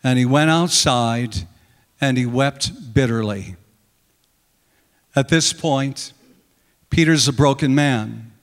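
A man's voice: medium pitch, slow pace, pauses often, in a large hall. A man preaching a sermon, retelling scripture with dramatic storytelling and acting out the quoted lines. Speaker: pastor.

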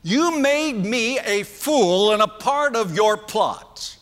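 A man's voice: high-pitched, sing-song, takes it slowly, pushed and bright, slightly rough, soft background music, heavily acted. A man voicing a furious father-king scolding his grown son, accusing and repeating himself. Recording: long hall reverb.

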